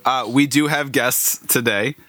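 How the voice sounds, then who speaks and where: A man co-hosting a casual podcast, hesitant and halting, often laughing and filling pauses with "uh" and "um". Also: mid-range voice, fairly even intonation, very noisy. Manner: hesitant, with many fillers and frequent laughs. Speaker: podcast co-host.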